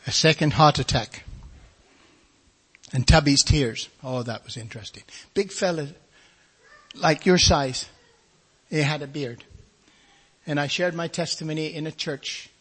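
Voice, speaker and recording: Older male preacher, husky, folksy testimony storyteller. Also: on the high side, a little slow, a bit bright. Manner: storytelling, folksy, acts out voices of others. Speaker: preacher giving his testimony. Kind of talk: testimony sermon.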